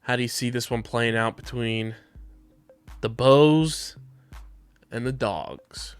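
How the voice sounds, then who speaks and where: A man's voice: mid-range voice, takes it slowly, clean tone, no room sound, soft background music. Joking man co-hosting a sports podcast. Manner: upbeat, jokey, reads sponsor spots in a hype voice. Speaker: podcast co-host. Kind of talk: casual sports podcast chat.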